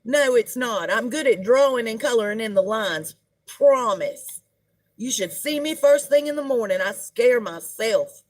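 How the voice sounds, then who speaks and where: A middle-aged woman hosts a live stream, chatting and gossiping while she greets viewers by name. Her voice sits a little high, and she talks at an unhurried pace. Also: animated. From United States. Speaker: livestream host.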